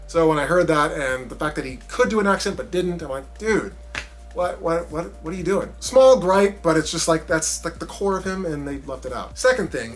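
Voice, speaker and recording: A man giving a casual spoken movie review, animated, with emphatic bursts and muttered asides. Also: on the high side.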